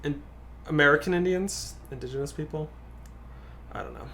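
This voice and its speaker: A man's voice: a little high, moderate pace, gravelly, pushed and bright, a little hiss or hum. A man, a guest co-player, chatting casually and thinking aloud while commenting on a card game.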